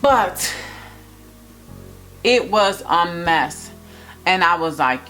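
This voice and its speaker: A young woman in a casual storytime vlog, talking straight to viewers in an animated, emphatic way. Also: lowish voice, drawn-out words, faint music behind. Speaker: vlogger telling a personal story.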